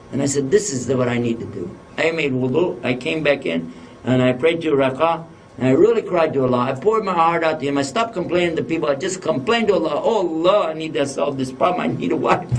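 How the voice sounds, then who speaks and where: Older male preacher, animated storyteller, slightly high voice, distant mic. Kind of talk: storytelling lecture.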